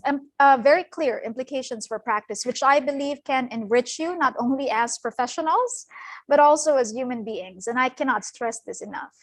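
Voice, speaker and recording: A woman's voice: high voice, dry recording, low-quality recording. A middle-aged woman giving an online guest lecture, encouraging and laughing often, speaking over a video call. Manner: warm encouraging, laughs often, fillers like "you know". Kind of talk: online lecture with volunteer readings.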